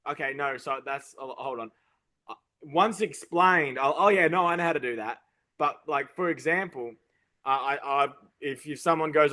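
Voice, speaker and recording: Appearing as a guest in a relaxed interview, a man from Australia who works in the trades speaks with a softened Australian accent. He keeps stopping and restarting, full of false starts, in a slightly high, bright and forceful voice.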